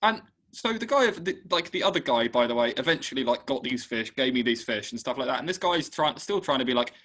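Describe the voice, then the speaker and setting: A young man co-hosting a casual podcast, telling an animated story and acting out both sides of a conversation. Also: medium pitch, a little fast. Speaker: podcast co-host. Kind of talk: casual chat.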